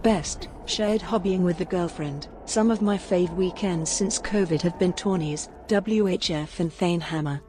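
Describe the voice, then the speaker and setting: Female TTS comment reader, flat delivery, lowish voice, noisy feed. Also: measured pace, few pauses. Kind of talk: reading viewer comments.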